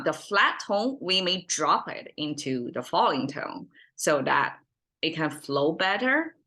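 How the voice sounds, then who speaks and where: Woman explaining words, lowish voice but bright and forceful, lots of ums and rights. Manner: thinks aloud with many ums and rights. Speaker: Chinese language teacher. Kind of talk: casual explanatory lesson.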